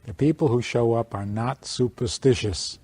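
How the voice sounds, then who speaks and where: A man, a rabbi, giving an informal teaching talk to a small audience, speaking in an animated way and acting out little dialogues. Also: mid-range voice, moderate pace, slightly rough. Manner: animated, plays out dialogues, chuckles.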